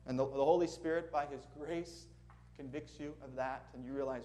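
A man's voice: mid-range voice, steady tone, normal speed, dark tone, slight background noise. A man preaching a sermon in a conversational way, asking the congregation questions as he goes. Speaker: pastor.

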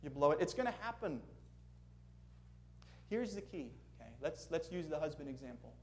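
A man's voice: on the high side, big pitch swings, normal speed. A man preaching a sermon in a conversational way, asking the congregation questions as he goes. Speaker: pastor.

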